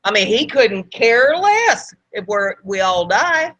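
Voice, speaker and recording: A woman's voice: fairly high pitch, sing-song, slow pace, a bit bright, poor audio. A woman co-hosting a talk show, speaking in an indignant, emphatic way. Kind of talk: casual political talk.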